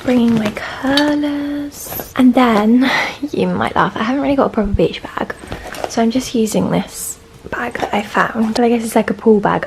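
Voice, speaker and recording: A woman's voice: a little high, moderate pace, vocal fry, a little hiss or hum, poor audio. A young British woman chatting casually to her viewers in a lifestyle vlog. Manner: chatty, talking straight to viewers. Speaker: lifestyle vlogger.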